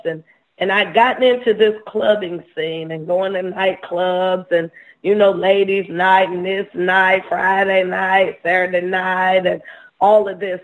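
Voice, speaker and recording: A woman preaches a sermon in a halting way, repeating words and starting her sentences over. Her voice sits at a middle pitch and comes through a thin, phone-like sound. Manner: halting, repeats words and restarts, laughs softly between points.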